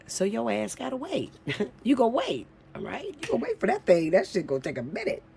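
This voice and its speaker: A woman giving a casual tarot reading to camera. She talks bluntly and swears a lot, with a teasing tone that swings from low mutters to high, loud bursts. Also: huge pitch swings, brisk, gravelly, a little hiss or hum. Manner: blunt, profane and teasing, breaks into laughs. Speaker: tarot reader.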